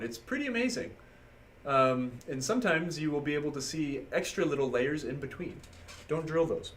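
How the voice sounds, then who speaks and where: A man's voice: a little high, a little hiss or hum. A man hosting a live stream, casually explaining a circuit board repair step by step as he works and chats with viewers. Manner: casual, step-by-step narration while working, reads chat. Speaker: livestream host doing pinball repair. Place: workbench.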